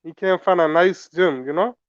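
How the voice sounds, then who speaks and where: Laughing co-host on a dull, dry mic. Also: male voice, high-pitched, moderate pace, dry recording. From the Bronx, New York. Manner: agreeable, laughs often, switches into Spanish. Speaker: podcast co-host. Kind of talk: casual chat.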